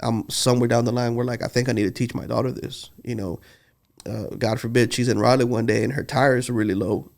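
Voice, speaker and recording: Earnest man with a gravelly voice. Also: medium pitch, steady tone, fast, a little mellow. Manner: earnest, heartfelt storytelling. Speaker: podcast co-host. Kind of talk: casual podcast conversation.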